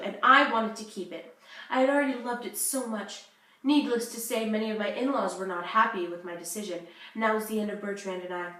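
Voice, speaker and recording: A woman's voice: mid-range voice, fairly bright tone, lightly acted. A young woman with an American accent playing a journalist guest, speaking in an earnest, confessional way. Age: young adult. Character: American journalist woman living abroad, divorced. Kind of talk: school-project talk-show role-play. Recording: echoey room, distant mic.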